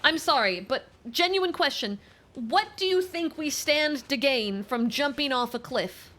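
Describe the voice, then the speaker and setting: Bright, high-voiced young woman streamer. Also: lively intonation, a little slow. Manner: playful and teasing, talks to chat and to her companion. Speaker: livestreamer. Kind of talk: casual gameplay commentary.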